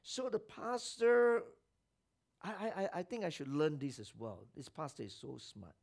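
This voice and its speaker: A man preaching a sermon, swinging from loud, emphatic lines down to near-whispers. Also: a little high, sing-song, a little slow, vocal fry. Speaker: pastor.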